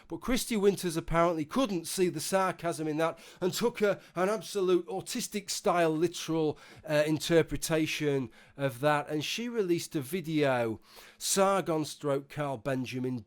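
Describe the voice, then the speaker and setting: A man's voice: on the high side, moderate pace. A man giving a rambling, sarcastic, sweary commentary monologue as a YouTube vlogger.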